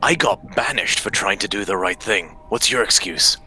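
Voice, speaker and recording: A man's voice: lowish voice, animated, normal speed, pushed and bright, faint music behind. A man voicing a banished, world-weary warrior with a dry manner. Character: banished weary male warrior, bitter idealist.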